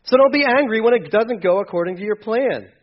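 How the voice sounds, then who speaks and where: A middle-aged male pastor preaching a sermon in an animated, conversational way, with humor. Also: sits high, a little fast, lo-fi sound.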